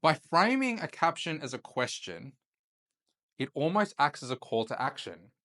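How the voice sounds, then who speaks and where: A man's voice: a little high, big pitch swings, moderate pace, sharp tone. A young man hosting a casual instructional video, talking loosely and often checking in with "right?" after each point. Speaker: host and chat-sales coach. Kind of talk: casual instructional talk to camera.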